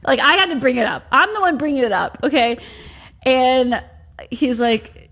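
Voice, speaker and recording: A pregnant woman in her thirties co-hosts a casual podcast chat. Her voice sits a little high, and she tells her stories in an animated, mock-indignant way that often tips into laughter. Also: moderate pace. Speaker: podcast co-host.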